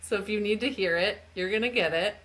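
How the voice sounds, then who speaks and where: A woman's voice: medium pitch, a little fast, a bit bright. A woman speaking as a coaching client on a podcast panel, talking casually and gratefully with many fillers.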